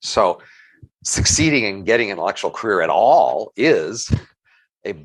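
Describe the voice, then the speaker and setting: A man's voice: lowish voice, big pitch swings, normal speed, slightly rough, rough recording. A middle-aged man, an economist co-hosting a podcast, talking through ideas in a thoughtful, hedging way and restarting his words often. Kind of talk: casual intellectual conversation.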